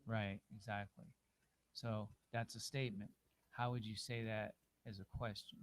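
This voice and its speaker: A man's voice: on the low side, flat delivery, moderate pace, slight background noise, poor audio. A man teaching an informal class, patient and encouraging as he coaches a student.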